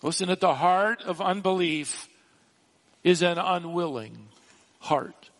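A man preaching a sermon, slow and emphatic, with dramatic rises in pitch on key words. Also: fairly bright tone. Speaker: pastor.

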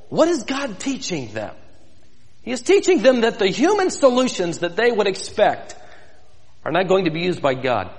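A man delivers an expository sermon in a church sanctuary, retelling scripture vividly and inviting listeners to picture themselves in the story. His voice sits high and moves a lot in pitch. A long reverb from the large hall trails after his words. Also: wildly swooping pitch, moderate pace. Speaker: preacher.

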